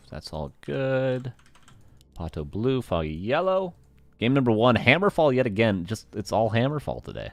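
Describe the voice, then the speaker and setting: An esports caster with a West Coast Canadian accent calls a live strategy game match, joking with chat and often laughing between calls. His mid-range voice is very animated yet a little slow, with some vocal fry.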